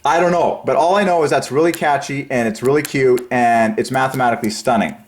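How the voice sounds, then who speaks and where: A man hosting a religious channel, rambling through a numerology monologue, excitable and giggly, then dropping to low quiet mumbling while he counts. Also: fairly quick, a little hiss or hum. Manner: giggly, excitable, breaks into high laughs. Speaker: religious YouTube channel host.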